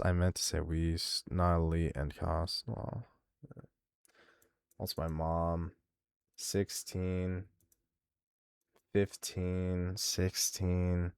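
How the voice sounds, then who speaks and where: A man's voice: deep voice, gravelly, dry recording, studio quality. A man hosting a live stream, reading out viewer responses and mocking them in a crude, exasperated way. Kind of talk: casual live-stream commentary.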